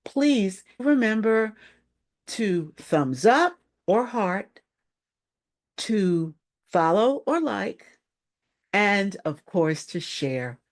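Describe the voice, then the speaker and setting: Slow, deliberate woman leadership coach. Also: medium pitch, very animated. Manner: slow, deliberate delivery with planned pauses. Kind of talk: live-stream talk.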